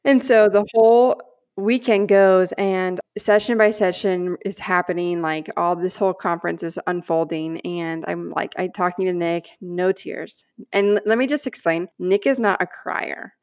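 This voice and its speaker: A woman co-hosting a podcast, telling a personal story in an animated, earnest way and acting out the lines she quotes. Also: lowish voice, normal speed. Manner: animated storyteller, acts out quoted prayers and dialogue; earnest and heartfelt. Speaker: podcast co-host.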